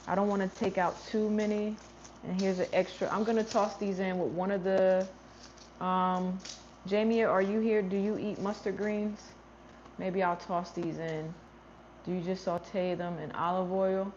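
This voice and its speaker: A woman hosts a relaxed gardening livestream, reading out and answering viewer comments and thinking aloud as she trails off and restarts. Her voice sits at an ordinary middle pitch. The audio is slightly dull and lo-fi, with a faint ambient hum behind her. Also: unhurried.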